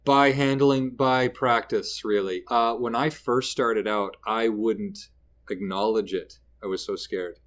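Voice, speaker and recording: A man's voice: on the low side, measured pace. A man from Canada, a comedian guest in a casual interview, telling stories and acting out the people in them. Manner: animated, acts out quoted people mid-story.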